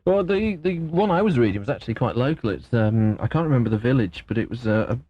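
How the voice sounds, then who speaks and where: A man's voice: mid-range voice, animated, fast talker, dry recording, highs cut off. An English man hosting a late-night radio phone-in, chatty and joking with his guest. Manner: jokey, chatty. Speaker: radio host.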